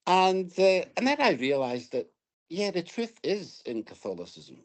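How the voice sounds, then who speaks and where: A man's voice: sits high, big pitch swings, a little slow. A Scottish man from Scotland, a guest in an interview, telling his personal story in a reflective, storytelling way with hesitant restarts.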